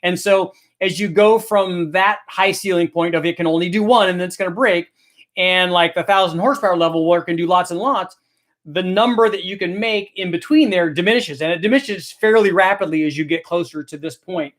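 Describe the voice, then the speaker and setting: A man in middle age talks through engine questions from viewers in an easygoing, explanatory way. His voice sits a little high for a man. He often pauses to restart a thought mid-sentence. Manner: relaxed, explanatory, thinks aloud with restarts. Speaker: host answering viewer questions. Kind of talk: casual technical Q&A chat.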